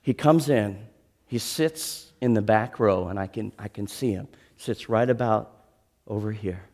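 A pastor preaching a sermon and telling a story in an animated way, swinging from loud to hushed. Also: male voice, on the low side, a little slow.

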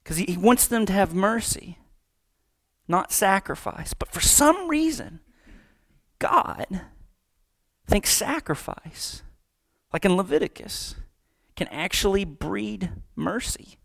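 A man preaching a casual, joking sermon, acting out quick voices as he talks. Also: sits high, very animated, creaky, a bit bright. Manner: conversational, joking, acts out voices. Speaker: pastor.

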